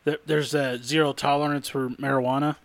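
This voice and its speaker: A man's voice: medium pitch, flat delivery, a little fast, dry recording. A man co-hosting a podcast in casual chat, chiming in with short agreements and retelling stories. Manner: brief agreeing interjections, chatty retelling. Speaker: podcast co-host.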